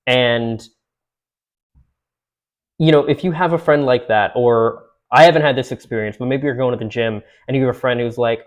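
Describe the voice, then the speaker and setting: A young man in his twenties chats loosely to his viewers. He rambles and restarts sentences, and fillers, laughs and the odd swear word break up his talk at an ordinary middle pitch. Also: moderate pace, pauses often, dull audio. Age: 20s. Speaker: vlogger. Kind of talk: casual chat to camera.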